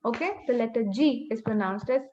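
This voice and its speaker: A woman teaching an online Mandarin lesson, slowly drilling pronunciation with repeated model words. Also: fairly high pitch, mellow, a little hiss or hum. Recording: slightly dull webinar audio.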